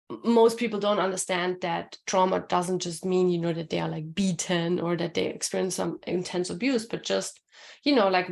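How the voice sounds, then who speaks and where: A woman's voice: fairly low pitch, creaky. A woman coaching on relationships in a casual, chatty webinar, with many fillers as she talks to her audience. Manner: casual and chatty, many fillers, reads chat comments aloud. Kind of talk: live webinar talk.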